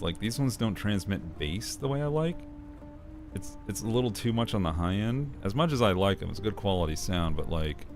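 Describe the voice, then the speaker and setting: A man streaming a game, chatting casually and critiquing his own voice work. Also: low voice. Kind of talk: casual chat while playing.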